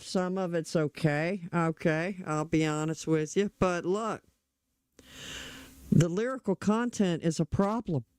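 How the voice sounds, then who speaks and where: A man's voice: on the high side, darkish tone, clear, resonant tone, no echo, studio quality. A middle-aged man talking politics in a casual, blunt, opinionated way, often restarting his sentences. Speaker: political commentator.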